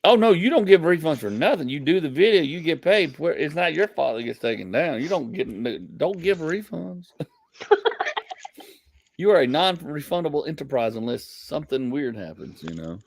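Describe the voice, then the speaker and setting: A man's voice: fairly high pitch, animated, normal speed, gravelly. A man hosting a casual comedy podcast, rambling and joking with frequent laughs.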